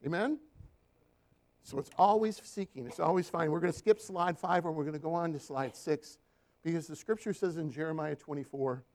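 In a brisk, fairly high voice, a man delivers a sermon full of animated stories from his counseling experience. He keeps asking the congregation for amens in call-and-response fashion.

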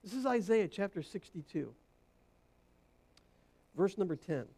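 Preaching at a measured pace, this woman sounds expressive and slightly rough, hammering her message through repetition and swings between hushed low lines and loud rising outbursts.

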